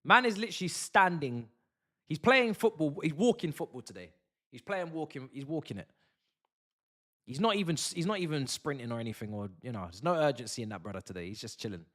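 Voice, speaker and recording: Bright-voiced young man ranting over football. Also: fairly high pitch, brisk. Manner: animated, slangy banter with chat. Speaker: watch-along streamer. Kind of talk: live football watch-along commentary.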